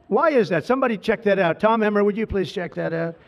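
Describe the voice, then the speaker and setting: A man's voice: high-pitched, lively intonation, quick pace. An American man giving an ad-libbed public speech at a ceremony, rambling and digressive, repeating lavish praise. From United States. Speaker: politician addressing a crowd. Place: large outdoor ceremony at an official residence. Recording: dull reverberant public-address sound.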